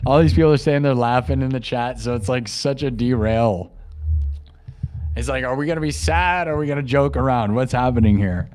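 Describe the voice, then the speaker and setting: A man hosting a live stream, rambling excitedly to his chat. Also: mid-range voice, normal speed.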